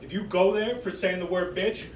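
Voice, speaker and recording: Young male stand-up, Massachusetts accent, brash and animated, voice sits high, roomy stage sound. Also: normal speed. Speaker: stand-up comedian. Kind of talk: stand-up set. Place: comedy club stage. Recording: roomy club sound from far off with audience noise. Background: audience laughter.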